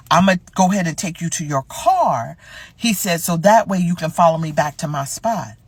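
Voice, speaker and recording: A woman's voice: fairly low pitch, breathy edge, dry recording. A woman telling a dating story to camera in a blunt, sassy way, swearing freely.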